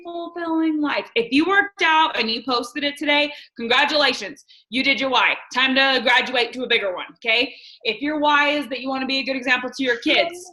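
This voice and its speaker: Woman coach, bright voice, fairly high, candid and emphatic, many fillers. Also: poor audio. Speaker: team coach speaking to her team. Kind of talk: personal story and motivational talk.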